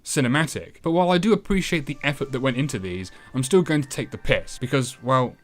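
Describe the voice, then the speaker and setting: A man's voice: mid-range voice, expressive, fast talker. Sweary sarcastic British man reviewing games. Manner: sarcastic and sweary, mocking the game. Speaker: host of a retro game review show. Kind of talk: comedic game review voice-over.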